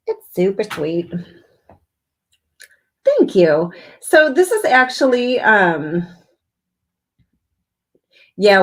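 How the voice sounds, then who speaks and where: A cheerful, chatty woman talks through a craft project on a live stream, thanking viewers by name and laughing easily. Her voice sits a little low for a woman, and her talk is relaxed, home-made and friendly. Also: breathy edge. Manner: bubbly, chatty, reads viewer comments aloud, laughs often. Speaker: mixed media artist hosting a live craft stream. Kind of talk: casual live-stream chat while crafting.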